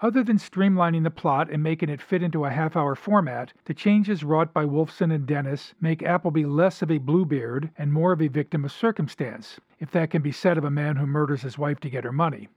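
A man hosts a talk show, reading quoted passages from a story in a measured, dramatic way and then discussing them. His voice sits fairly high. The sound is dry and a little dull. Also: darkish tone, slightly rough, dry recording. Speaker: podcast host.

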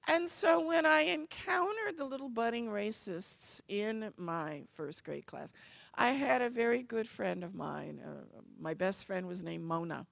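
A woman from the United States telling personal stories in an expressive, animated manner. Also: mid-range voice, normal speed, vocal fry, no room sound. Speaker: speaker. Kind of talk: personal storytelling talk.

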